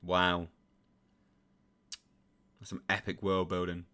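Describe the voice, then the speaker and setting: A man's voice: deep voice, monotone, takes it slowly, sharp tone. A man, hosting and reading a comic aloud with sarcastic, profane commentary. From England. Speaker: host.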